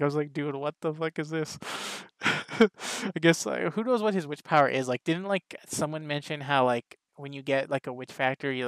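A man's voice: fairly high pitch, fairly bright tone, dry recording. Rambling young-sounding man, dry close mic. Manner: rambling, full of "like" and restarts. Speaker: anime reviewer. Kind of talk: casual reaction commentary.

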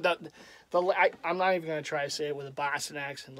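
A man's voice: a little high, fairly even intonation, fast talker, pushed and bright. A man casually showing off his collection in a rambling, self-deprecating vlog, chuckling often. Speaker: jersey collector vlogger. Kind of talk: casual show-and-tell vlog.

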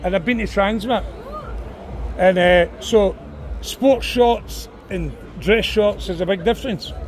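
A man's voice: sits high, slow, a faint crowd, a little hiss or hum. Rambling older Glaswegian man on a street. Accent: Glaswegian Scottish. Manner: argumentative, rambling, swearing. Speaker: vlogger. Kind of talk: confrontational street vlog. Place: outdoors on a city street at night.

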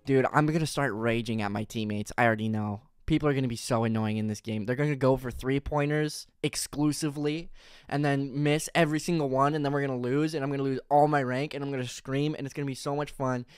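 Young man, streamer, excitable, rambling, out of breath, smooth clear tone, dead-dry desk mic. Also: medium pitch, fast, dry recording. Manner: excitable, rambling, loud bursts of enthusiasm. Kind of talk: excited live reaction stream.

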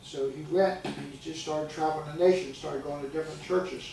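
A man's voice: fairly high pitch, steady tone, brisk, a little mellow, a little hiss or hum. An older man preaching a sermon, telling stories in a folksy way and calling out to his congregation. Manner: folksy storytelling with call-outs to the congregation. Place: church sanctuary. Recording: echoey church recording from far off.

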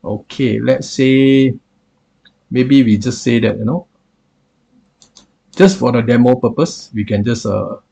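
A man walks through a software tool in a tutorial, his voice gravelly with a husky edge. He explains haltingly and keeps reaching for words with filler phrases as he clicks along. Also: medium pitch. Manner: hesitant, filler-heavy explaining. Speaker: software reviewer. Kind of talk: screen-recorded tutorial.

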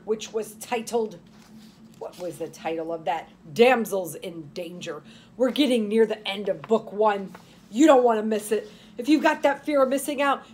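Woman in her fifties, husky voice, higher pitch, audiobook narration, chatty asides. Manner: dramatic reading, chatty asides. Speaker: nurse and author reading her book. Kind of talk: audiobook narration and podcast chat.

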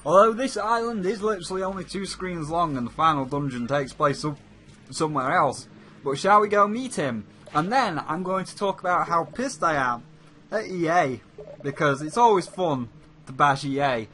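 A man's voice: a little high, lively intonation, normal speed, bright, forceful tone, a little hiss or hum. A man giving casual, joking gameplay commentary as a let's play host, into a condenser mic with a pop filter. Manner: chatty, joking. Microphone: USB condenser with pop filter.

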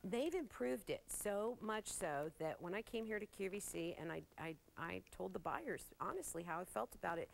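A woman hosting a live TV shopping show, chatting warmly with callers and gushing over jewelry while laughing often. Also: mid-range voice, lively intonation, moderate pace, vocal fry, few pauses, a little hiss or hum, poor audio. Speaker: shopping channel host. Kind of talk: live TV sales presentation. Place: TV studio.

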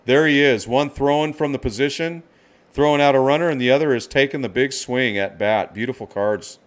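A man hosting a live card-break stream, excitedly calling out each card and greeting viewers by name. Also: mid-range voice, a little fast.

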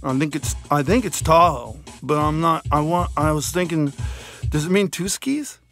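A man's voice: a little high, moderate pace, faint music behind. Goofy rambling man vlogging by phone. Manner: goofy, rambling, silly shout-outs. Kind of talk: rambling comedic vlog.

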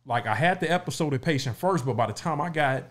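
A man's voice: on the high side, animated, fast talker. A middle-aged man co-hosting a podcast, telling his story in a loose, casual way with the odd swear. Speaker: podcast co-host.

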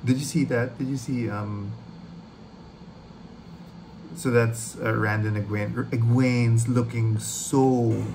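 A man hosting a trailer reaction video, gushing excitedly, rambling and swearing freely. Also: medium pitch, slow, pauses often, noisy background.

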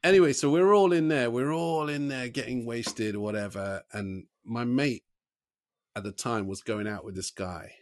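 A man's voice: medium pitch, no echo. Dry-sounding man rambling casually. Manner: rambling, backtracking storyteller, quick to laugh along. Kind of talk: casual podcast chat.

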